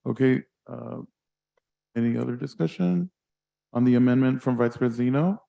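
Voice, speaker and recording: A man's voice: medium pitch, moderate pace, gravelly, lo-fi sound. A man serving as board president, chairing a meeting in a casual way, laughing easily and restarting sentences.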